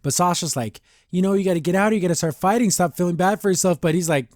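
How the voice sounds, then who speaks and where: A podcast host with a high-sitting, darkish voice talks fast, giving a casual, rambling review of a cartoon episode. He laughs often and acts out the characters' lines. The audio is clean studio sound with no room sound.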